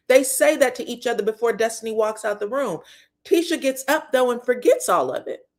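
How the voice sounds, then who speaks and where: A woman hosting a casual reality TV recap, telling it in an animated, profane and sassy way. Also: a little high, a little fast.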